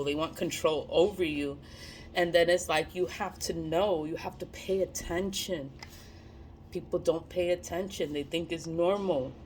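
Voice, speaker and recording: A woman's voice: on the low side, a little hiss or hum. Blunt young woman ranting with laughs. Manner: blunt, profane and laughing often. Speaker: vlogger. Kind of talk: casual monologue to camera.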